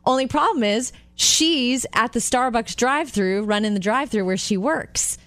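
Animated female radio co-host. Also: fairly high pitch, normal speed, no echo. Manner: animated storyteller, acts out quoted voices. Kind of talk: morning radio chat and storytelling.

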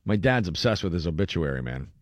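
A man hosts a morning radio show in a casual, chatty way. His pitch swings widely as he reads news aloud and slips into playful voices for the people he quotes. The sound is close and dry. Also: big pitch swings, fast, no room sound.

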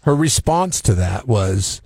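A man's voice: lowish voice, big pitch swings, slow pace, vocal fry, a little mellow, husky, no room sound, studio quality. A man co-hosting a casual morning radio show, telling rambling stories and acting out what people said. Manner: rambling storyteller, acts out quotes. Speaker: radio co-host.

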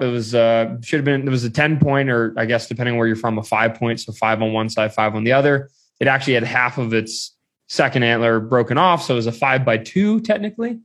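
This man has a mid-range voice and keeps spilling a story out casually. His words run into each other with filler after filler. It sounds like an easygoing podcast chat. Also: medium pitch. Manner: rambling, heavy use of "like".

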